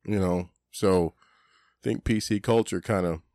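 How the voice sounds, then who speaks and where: A man's voice: low-pitched, a little slow, darkish tone, no room sound, clean studio sound. A man co-hosting a podcast in casual chat, blunt and profane, rambling with lots of "you know"s. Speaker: podcast co-host.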